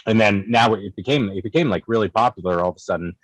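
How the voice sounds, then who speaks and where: A young man telling a story in casual chat, animated and profane, acting out both sides of an argument. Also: fairly low pitch, fast, no echo, rough recording. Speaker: guest, cigar company figure.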